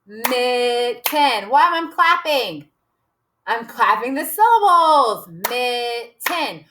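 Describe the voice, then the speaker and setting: Slow, bright-voiced woman teacher. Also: fairly high pitch, very animated, a little hiss or hum. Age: adult. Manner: sounds out letters slowly, cheerfully emphatic. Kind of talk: slow modeled writing lesson for young children. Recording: echoey room.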